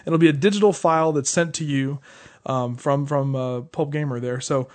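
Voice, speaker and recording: Chatty male podcast host, slightly high voice. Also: fairly even intonation, moderate pace. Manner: chatty, laughs often, many fillers. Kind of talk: casual chat, reading a promo.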